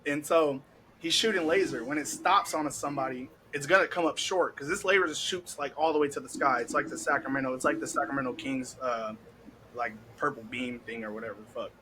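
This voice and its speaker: A young man hosting a podcast, telling a story in a casual, animated way, laughing often and acting out what people said. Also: medium pitch, fairly quick, background noise. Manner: animated, laughing, heavy cursing, acts out quotes. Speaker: podcast host.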